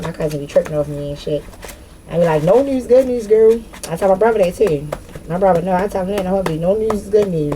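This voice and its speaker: A woman's voice: on the low side, dark tone, slight background noise, rough recording. A woman giving a casual tarot reading straight to her viewers, swearing freely and laughing often. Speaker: tarot reader.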